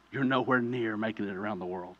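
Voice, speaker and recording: A man preaching a sermon in a conversational way, telling vivid stories and building to loud pleading peaks. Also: lowish voice, normal speed, highs cut off. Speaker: pastor.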